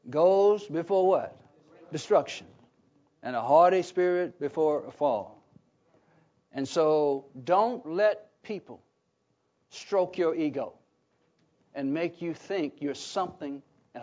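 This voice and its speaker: A man preaching a Bible teaching sermon, emphatic, often pausing on "what?" so listeners fill in the words. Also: fairly high pitch, a little mellow. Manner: emphatic, repeats key phrases. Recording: dull lo-fi recording.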